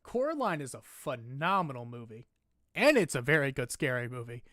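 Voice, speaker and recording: A young man streaming casually, rambling and putting himself down, turning loud and animated when he rants. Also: medium pitch, normal speed, dry recording, studio quality. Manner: rambling, self-deprecating, gets loud and animated when ranting. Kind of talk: casual chat.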